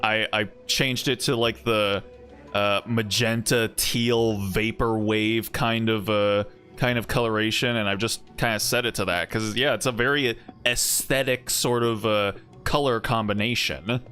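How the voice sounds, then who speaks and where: A man's voice: lowish voice, fairly even intonation, a little slow, bright, forceful tone. A man streaming a game and chatting casually, rambling and joking playfully with viewers. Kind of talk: casual live-stream commentary. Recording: stream with faint game music.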